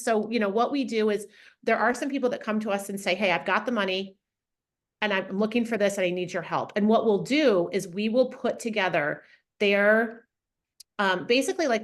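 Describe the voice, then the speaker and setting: A frank, no-nonsense woman speaks in a casual interview, her voice at an ordinary middle pitch. She is blunt and full of fillers and restarts. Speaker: interview guest, funding consultant.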